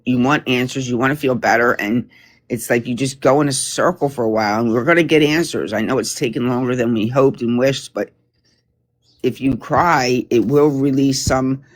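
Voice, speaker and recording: A woman joining a livestream remotely, talking in a soothing, reassuring way to comfort a friend. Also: very deep voice. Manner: soothing, reassuring, steady talker. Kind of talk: casual supportive chat. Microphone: joined remotely on the stream.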